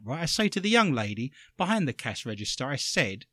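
A man with an English accent hosting a comedic radio show, telling stories with sarcastic, animated delivery. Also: a little high, a little fast, hardly any pauses, dry recording. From England. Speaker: radio host.

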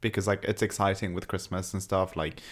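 A man's voice: deep voice, fairly even intonation, a little fast. Chatty man with a slight accent. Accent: non-native English. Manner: chatty, laughs often, loose rambling delivery. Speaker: podcast co-host. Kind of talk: casual chat.

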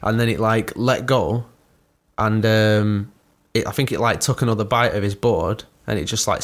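A young man co-hosting a podcast, telling a story in a rambling, sweary, laughing way. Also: lowish voice. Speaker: podcast co-host. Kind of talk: casual chat.

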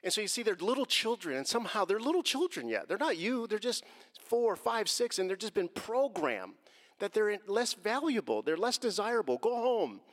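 A middle-aged man speaking earnestly, his voice sitting a little high for a man. He moves between quiet reflection and impassioned emphasis. The sound rings with a long reverb, as in a large hall. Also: big pitch swings, a little fast. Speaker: speaker answering a question on faith and race. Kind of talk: earnest talk, answering a question.

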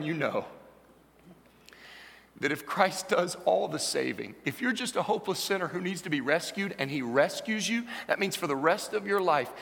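A man preaching a sermon as pastor, impassioned, swinging from loud, urgent appeals to hushed pleading. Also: fairly high pitch. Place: church sanctuary. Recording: long reverb of a large hall.

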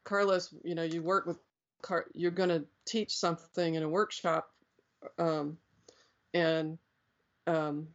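Speaking slowly and leaving long pauses, this middle-aged woman has a low, level voice as she reflects on earlier years during an interview. Her storytelling wanders, with plenty of fillers and false starts, and the audio sounds dull and lo-fi.

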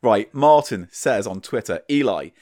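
A man's voice: fairly low pitch, animated, measured pace, darkish tone, no echo, clean studio sound. A man co-hosting a comedy podcast, reading listener questions and trading sardonic banter. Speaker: podcast co-host. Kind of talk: casual comedy chat.

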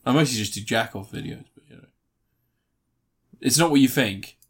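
A man hosting a podcast in an easygoing back-and-forth. He talks at a medium pitch and keeps throwing in crude, goofy jokes. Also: moderate pace, breathy edge. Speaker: podcast host. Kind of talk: casual podcast chat.

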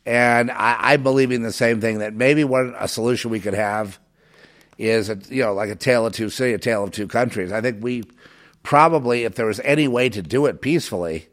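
A man talking as a show host in a rambling monologue, emotional and full of fillers, swinging between loud outbursts and low mutters. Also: fairly quick. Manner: many fillers and restarts.

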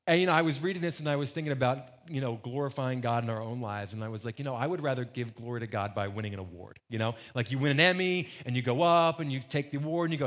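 A pastor preaching a sermon, retelling a gospel story in a casual, joking way and acting out the characters. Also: male voice, medium pitch, lively intonation, fast talker, a bit bright.

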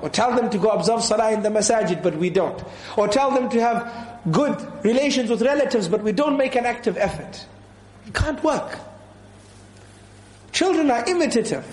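Male preacher, fairly high voice, earnest and repetitive, roomy echo. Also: expressive, normal speed. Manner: earnest, repeats key phrases, quotes Arabic scripture. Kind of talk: sermon.

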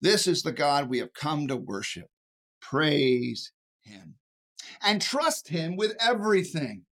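Animated preacher with a lively pitch. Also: takes it slowly. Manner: animated, stumbling restarts and repeated words; chuckles often while preaching. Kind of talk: sermon.

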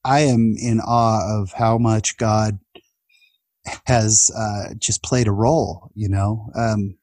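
A man's voice: on the low side, steady tone, slow, a little mellow, dry recording. A man in his forties telling personal stories in a casual podcast chat, earnest and emotional, laughing now and then. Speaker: guest.

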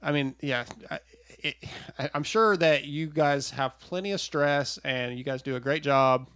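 A man's voice: on the high side, unhurried, a bit bright, no room sound, studio quality. A man hosting a casual interview, chatty and prone to stammering restarts. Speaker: podcast host. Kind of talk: casual interview over a call.

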